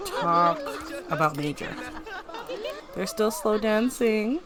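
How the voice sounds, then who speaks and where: A young woman casually commentating a life-sim game, chatty and giggly, voicing the characters' lines in quick playful asides. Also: lowish voice, expressive, a bit bright. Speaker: gameplay commentator. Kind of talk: casual let's-play commentary.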